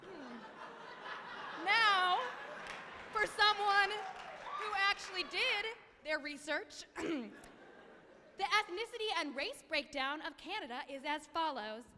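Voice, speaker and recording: Bright young woman emceeing in a hall. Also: very high-pitched, slow pace, background noise. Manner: mock-serious deadpan recitation of facts. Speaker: emcee at a college a cappella concert. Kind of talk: comic scripted stage banter. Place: concert hall with a live audience.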